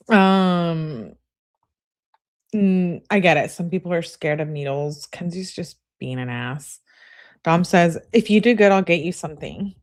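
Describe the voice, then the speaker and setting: A woman's voice: on the low side, lively intonation, a little slow. A young woman giving casual true crime commentary in a blunt, sarcastic way, swearing freely. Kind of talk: casual commentary reading out texts.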